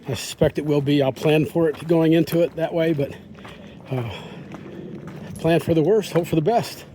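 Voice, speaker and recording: A man's voice: fairly high pitch, normal speed, slight background noise. A man vlogging while hiking a forest trail, rambling casually into a phone he holds in his hand. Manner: rambling, chatty, talks softly to deer. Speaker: hiker vlogger. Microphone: phone held in hand.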